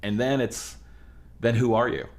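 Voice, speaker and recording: A man from the Pittsburgh area, a musician guest on a podcast, telling band stories in an animated, rambling way with frequent restarts. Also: medium pitch, a little slow. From Pittsburgh area, USA. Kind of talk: casual chat.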